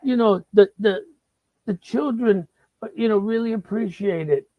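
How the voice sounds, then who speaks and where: A man's voice: sits high, normal speed, no echo, lo-fi sound, voice pushed up, lightly acted. A man mimicking a sweet little cookie-selling girl. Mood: pleading.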